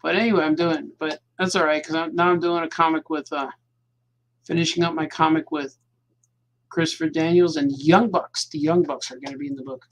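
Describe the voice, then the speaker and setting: A man's voice: fairly high pitch, fairly even intonation, a little fast. A man, a cartoonist, chatting casually to his viewers at home at night while he draws, rambling and repeating himself as his thoughts drift. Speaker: cartoonist hosting his own show.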